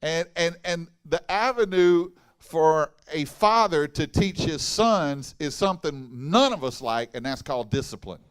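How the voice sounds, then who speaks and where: Male pastor, higher-pitched voice, folksy animated sermon with humor. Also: a little slow, hardly any pauses, clear, resonant tone. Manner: folksy, animated preaching with humor and crowd asides. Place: church hall.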